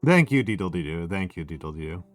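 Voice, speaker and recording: Speaking quickly with lively intonation and a low pitch, a man streams a loose, rambling chat over soft background music. He's wry and joking, full of fillers and self-interruptions, and says he's running on little sleep.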